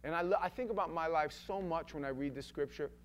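A male pastor preaching a sermon in an animated, conversational way, acting out quotes. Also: on the high side, fast, slight background noise.

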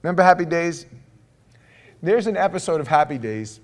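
A man in his fifties preaching a sermon in an animated way, acting out voices and asides. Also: fairly high pitch, moderate pace. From Florida. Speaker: pastor.

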